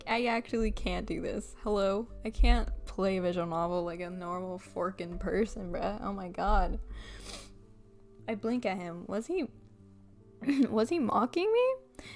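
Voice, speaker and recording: A young woman gamer reading a visual novel aloud, excitable and giggly, squealing and swearing as she reacts. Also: medium pitch, takes it slowly, gravelly, faint music behind.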